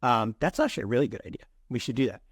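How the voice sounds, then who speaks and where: A middle-aged man co-hosting an investing show, chatting in an animated way with many restarts and repeated words. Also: mid-range voice, racing, breathy edge, no room sound, clean studio sound. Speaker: co-host of a crypto investing show. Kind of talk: casual conversational commentary.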